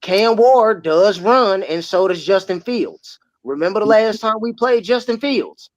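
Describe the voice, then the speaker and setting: A podcast host, ranting about football in loud, mocking trash talk. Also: mid-range voice, lively intonation, measured pace, no room sound. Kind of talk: heated sports podcast talk. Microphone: remote streaming mic. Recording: dry, slightly muffled audio.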